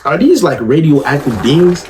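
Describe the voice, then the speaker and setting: A young man doing comedic commentary in an animated, slangy way, often asking "you know what I'm saying". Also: on the high side, a little slow, very noisy. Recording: music playing under the voice.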